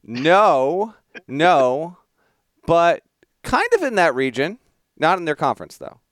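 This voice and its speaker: A man co-hosting a casual sports podcast, playful and quizzing his co-host with quick laughs. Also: a little high, very animated, a bit bright, dry recording, clean studio sound.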